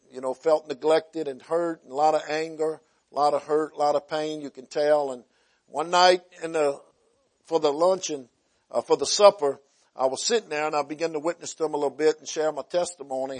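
A man preaching, telling revival stories in a folksy way, rising loud then dropping to a hush. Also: on the high side. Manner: folksy, swings from loud preaching to hushed quiet. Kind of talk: sermon testimony storytelling.

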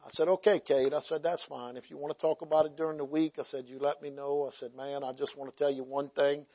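A man preaching, telling revival stories in a folksy way, rising loud then dropping to a hush. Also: a little high, little pitch movement, fast talker. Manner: folksy, swings from loud preaching to hushed quiet. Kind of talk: sermon testimony storytelling.

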